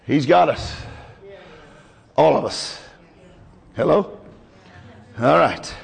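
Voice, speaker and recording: A man's voice: on the high side, lively intonation, drawn-out words, creaky, breathy edge. Man, pastor, folksy emotional sermon, long reverberant hall. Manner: emotional, folksy, calls out "Hello?" to the congregation.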